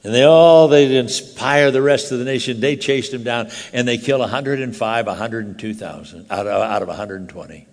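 An older man preaching a sermon, telling a story with animated, halting restarts that drop to quiet intensity. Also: medium pitch, in a large hall.

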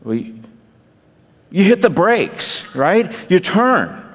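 A man's voice: high voice, big pitch swings, slow pace, husky, in a large hall. A man preaching a sermon as pastor, telling a personal story with wry humor and asides to the congregation. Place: church.

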